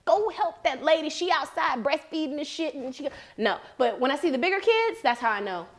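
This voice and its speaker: A young adult woman co-hosting a podcast, telling stories in casual chat with loud acted-out quotes and free swearing. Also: sits high, lively intonation, fairly quick. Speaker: podcast co-host.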